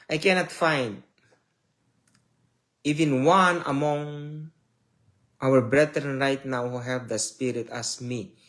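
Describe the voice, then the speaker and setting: Slow, emotional male preacher. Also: mid-range voice, steady tone. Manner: slow, emotional preaching with swells and drops in loudness. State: tearful. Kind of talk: sermon.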